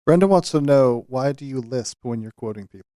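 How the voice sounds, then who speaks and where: A man's voice: medium pitch, lively intonation, fairly quick, warm tone, dry recording, clean studio sound. A man co-hosting a casual podcast discussion, talking loosely with lots of fillers. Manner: loose and chatty, many fillers. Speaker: podcast co-host.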